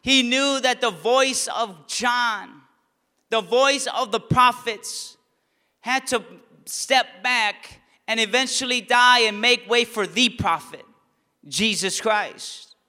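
A man with a high, bright voice preaches a sermon, building to fervent near-shouts on key lines. His words ring out through a church sanctuary with a long, lingering reverb. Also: takes it slowly. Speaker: pastor.

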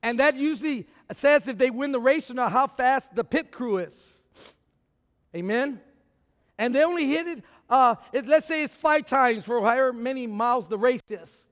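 A man preaching a sermon, swinging from shouted peaks down to low, quiet talk, often repeating words as he restarts. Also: normal speed. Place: church. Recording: long hall reverb.

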